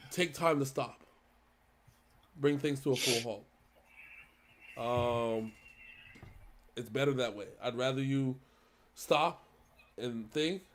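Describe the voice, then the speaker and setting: A man in his thirties co-hosting a reaction channel, talking earnestly and haltingly with many restarts. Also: mid-range voice, slight background noise. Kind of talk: emotional casual talk.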